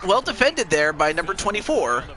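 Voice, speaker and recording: A man with a bright, forceful voice calls each play of a football video game. His delivery is casual, and he often pauses on fillers as he follows the action. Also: high voice, sing-song. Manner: calls plays, hesitant fillers. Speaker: co-commentator.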